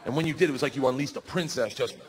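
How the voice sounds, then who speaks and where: A man doing a stand-up comedy set on stage, telling crude stories loudly and slipping into squealing voices. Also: mid-range voice, rapid-fire, very noisy. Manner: loud, rowdy storytelling with crude jokes and squealing put-on voices. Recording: live venue with crowd laughter.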